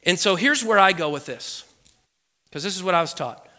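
Guy preaching his testimony, high bright voice, big echoey hall. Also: normal speed. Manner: animated storytelling, acts out quotes. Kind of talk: sermon testimony.

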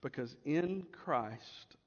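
A man preaching a sermon as pastor, swinging between loud emphasis and hushed asides. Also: fairly high pitch, expressive, drawn-out words, in a large hall, lo-fi sound.

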